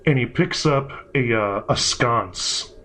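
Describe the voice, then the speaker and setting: A man's voice: medium pitch, slow pace, a bit bright. A man running a tabletop game as game master, narrating casually with swearing and loose asides. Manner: casual, swearing, rambling with fillers.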